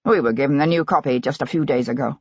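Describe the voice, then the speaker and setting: A woman's voice: rumbling low, breathy edge, no room sound, pitched below the performer's own voice. A woman playing a guarded Russian colonel. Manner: evasive and measured. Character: guarded, cool male Russian colonel diplomat. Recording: dull dry lo-fi recording.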